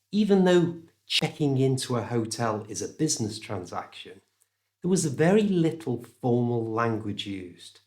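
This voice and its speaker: A man with a British accent teaching English pronunciation in a scripted lesson, with clear, careful enunciation. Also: mid-range voice, a little mellow. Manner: clear, slow, careful enunciation with exaggerated examples.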